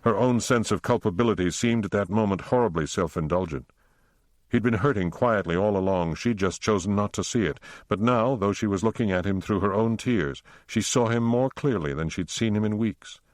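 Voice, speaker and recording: A man narrating an audiobook in a steady, unhurried storytelling manner on a close microphone. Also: lowish voice, no echo.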